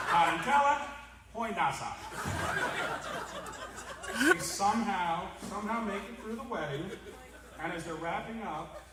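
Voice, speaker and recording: A man giving a comic roast speech in a large banquet hall, telling stories in a lively way and acting out the characters. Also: fairly high pitch. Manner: lively storyteller, acts out the characters. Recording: echoey hall, distant mic.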